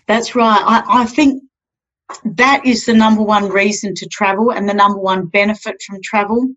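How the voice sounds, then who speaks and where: A woman who is a guest on a podcast, speaking in an expressive, emphatic way. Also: mid-range voice, moderate pace. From Australia. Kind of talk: casual podcast conversation. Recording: slightly dull, lo-fi audio.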